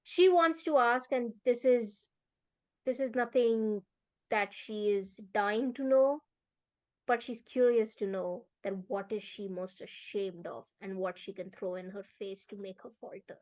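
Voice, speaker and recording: A woman playing a tabletop game, describing her character's moves haltingly with many pauses and fillers. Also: medium pitch, a little mellow. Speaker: player.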